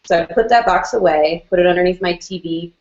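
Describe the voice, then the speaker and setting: A woman's voice: lowish voice, brisk, darkish tone. A woman telling a personal story in casual chat, filling her talk with "like" and "um" and acting out what people said. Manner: chatty, lots of "like" and "um", acts out quoted lines. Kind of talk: casual storytelling on a video call. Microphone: video call. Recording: roomy, muffled video-call audio.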